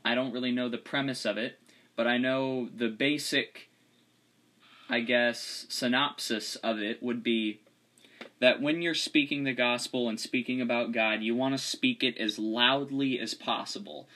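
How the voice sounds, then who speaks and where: A young man from Florida hosts a casual podcast. His voice is bright and mid-pitched. He moves steadily through segment intros and explanations. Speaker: podcast host.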